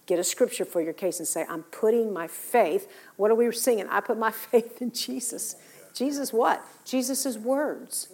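A mid-range female voice preaches, relaying Bible narratives with animation and giving each character a voice of their own.

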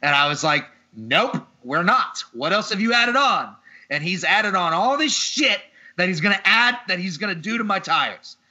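A man's voice: high voice, expressive, normal speed, sharp tone, dull audio. A man hosting a podcast who tells a story in casual chat, sounding exasperated and swearing freely as he retells it. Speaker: podcast host.

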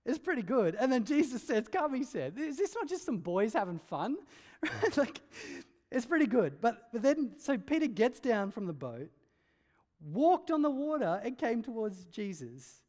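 A man preaching a sermon, earnest and emphatic, dropping low and quiet on key lines. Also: very animated, normal speed. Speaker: pastor. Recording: hall reverb.

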